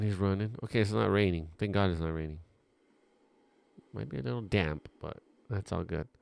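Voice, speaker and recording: A man's voice: low-pitched, creaky, darkish tone, smooth, no echo. A man giving a casual, rambling film commentary as host, offhand and swearing now and then.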